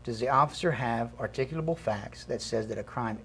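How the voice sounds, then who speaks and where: A man's voice: medium pitch, a little fast, a bit bright, a little hiss or hum. A male police chief on a talk show, explaining stop procedure and acting out exchanges between officers and citizens.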